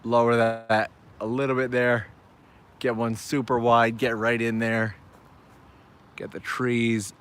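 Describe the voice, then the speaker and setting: A man's voice: mid-range voice, fairly bright tone, clear, resonant tone. A man hosting a casual walking live stream outdoors, upbeat and chatty as he talks to viewers while climbing hillside steps.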